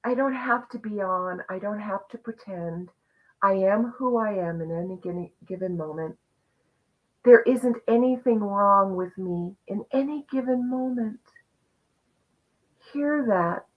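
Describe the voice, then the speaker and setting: A woman's voice: medium pitch, measured pace. Earnest woman host sharing her story. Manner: earnest, reflective, expressive storytelling. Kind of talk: heartfelt personal sharing. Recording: muffled lo-fi audio.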